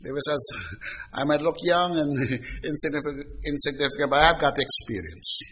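A male preacher with a high, ringing voice delivers a sermon with plenty of drama. He acts out the lines of the figures he talks about, drops to a near hush, then climbs again. He calls his listeners beloved. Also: normal speed, a little hiss or hum. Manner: dramatic, acts out Bible figures in quotes, swings from hushed to loud.

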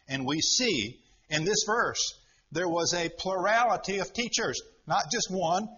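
A man teaching through a Bible passage in a sermon, deliberate and emphatic, repeating his key points. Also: high voice, animated, pushed and bright, husky. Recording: dull lo-fi recording.

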